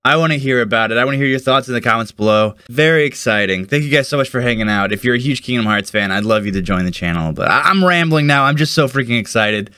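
A man's voice: medium pitch, lively intonation, fast, few pauses, pushed and bright, smooth, no echo, clean studio sound. A young man gushing and exclaiming as a gaming YouTuber reacting to a trailer.

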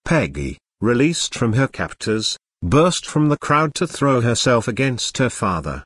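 A man's voice: medium pitch, sing-song, unhurried, few pauses, fairly bright tone, slightly rough, no echo, studio quality. A male text-to-speech voice reading an audiobook as narrator. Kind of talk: scripted narration.

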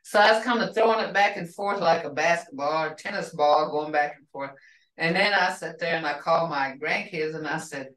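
An older woman teaching a language class, telling a family story in a rambling, warm-hearted way with restarts. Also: low-pitched, a little fast, recorded from a distance. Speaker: language instructor. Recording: roomy sound from off the mic.

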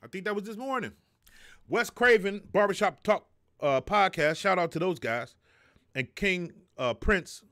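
His voice is high-pitched, animated and a bit bright, unhurried in pace. The middle-aged live show host talks loosely and profanely in casual live-stream talk, joking and reading chat messages aloud.

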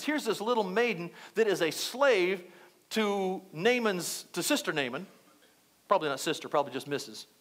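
Animated high-voiced male preacher. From United States. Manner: animated storytelling, acting out quotes. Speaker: pastor. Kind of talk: sermon.

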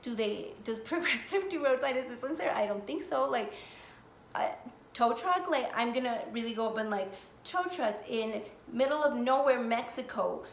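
A young woman from the United States tells a storytime in loose, casual talk, swearing freely and leaning on "like". Her voice sits a little high. The room around her is echoey, with a faint hiss underneath. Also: lively intonation, moderate pace, gravelly. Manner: casual, swears often, heavy use of "like". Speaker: vlogger. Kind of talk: storytime vlog.

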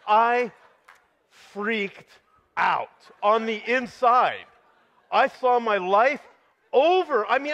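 A man's voice: on the high side, a bit bright. A middle-aged male pastor preaching a sermon, telling a story in a chatty way with quoted voices.

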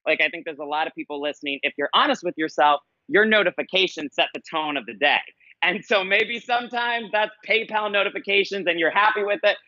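Male podcast guest, life coach; earnest, emphatic storyteller with a bright, forceful voice. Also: sits high, animated, a little fast, no room sound, dull audio. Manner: earnest, emphatic, repeats key phrases. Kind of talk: conversational interview storytelling.

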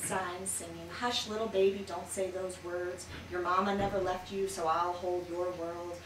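A woman poet reads her verse aloud with dramatic swings from hushed to loud, in a fairly low voice. She is picked up from a distance in an echoey bookshop room, with steady background noise underneath. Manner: expressive reading with dramatic swings in loudness. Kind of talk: poetry reading.

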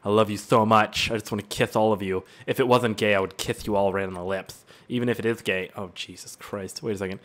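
A man's voice: fairly low pitch, steady tone, fast talker, hardly any pauses, a bit bright. Rambling, crude young man. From Canada. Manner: rambling, crude, joking, easily sidetracked. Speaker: gaming channel host. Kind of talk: casual gameplay commentary.

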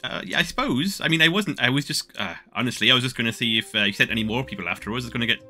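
A man's voice: medium pitch, lively intonation, very fast, sharp tone, faint music behind. A man running a tabletop game as game master, rambling with stammering restarts.

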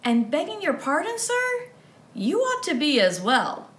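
A woman putting on an earnest boy squire from a storybook, pitched up high and polite, almost pleading in tone. he sounds small and respectful, and the reading has a roomy echo. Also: wildly swooping pitch, a little slow, a bit bright, heavily acted. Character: earnest, timid young male squire.

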